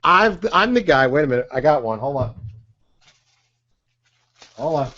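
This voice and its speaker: A man leading a sales training session, energetic and joking, driving his points home with "okay?" and "right?". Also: mid-range voice, measured pace, lo-fi sound. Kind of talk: live sales training talk.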